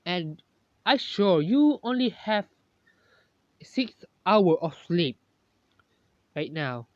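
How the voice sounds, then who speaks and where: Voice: mid-range voice, sing-song, very slow, no room sound. Narrator voicing a bossy teen schoolgirl, blunt, scolding, dull lo-fi sound, dry.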